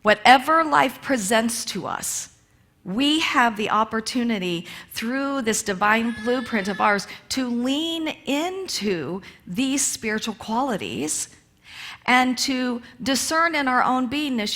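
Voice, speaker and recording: Woman minister, sermon delivery, fairly high and bright tone, conversational with repeated phrases. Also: animated, measured pace. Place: church sanctuary.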